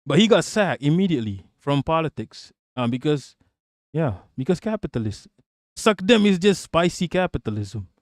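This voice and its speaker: Male stream host from Malaysia, profane and jokey, slightly high voice, dry sound. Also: big pitch swings, moderate pace, dry recording. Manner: profane, joking, reads chat aloud. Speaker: livestream host. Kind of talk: casual political rant on a livestream.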